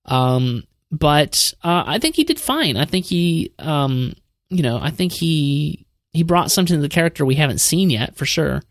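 Rambling Midwestern man, lively pitch. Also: moderate pace, no echo, studio quality. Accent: Midwestern American. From American Midwest. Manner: rambling, many restarts and repeated words. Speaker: podcast host. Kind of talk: casual movie review chat.

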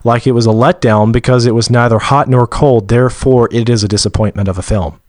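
Measured, word-searching man from Georgia. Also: medium pitch, fairly even intonation, a little mellow, dry recording, clean studio sound. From Georgia, USA. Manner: measured, searches for words with fillers. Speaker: podcast co-host. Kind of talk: casual movie review discussion.

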